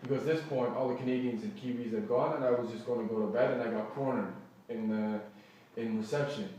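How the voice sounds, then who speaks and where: A man's voice: medium pitch, fast talker, dark tone. Agitated man recounting, echoey distant recording. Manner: rambling, quotes people in his retelling, restarts often. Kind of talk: agitated first-person account. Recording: echoey room, voice from off-mic.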